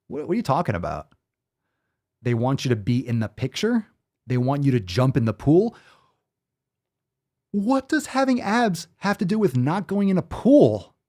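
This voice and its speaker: A man's voice: mid-range voice, a little mellow. A man hosting a fitness show, ranting with sarcastic, profane disbelief in live-stream commentary. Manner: sarcastic, profane, incredulous rants.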